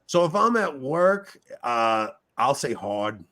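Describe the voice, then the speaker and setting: A man's voice: on the high side, sing-song, a bit bright, dry recording. Long Island man hosting a chatty podcast. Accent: New York Long Island. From Long Island, New York. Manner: laughs often, talks in quick restarts. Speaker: podcast host. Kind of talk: casual podcast chat.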